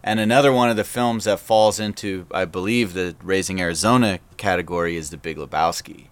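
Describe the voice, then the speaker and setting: A man's voice: sits low, steady tone, a little fast, clean tone, no room sound. A man in a casual film chat, thoughtfully recalling scenes and laughing at his own stories. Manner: reflective, breaks into laughter telling stories.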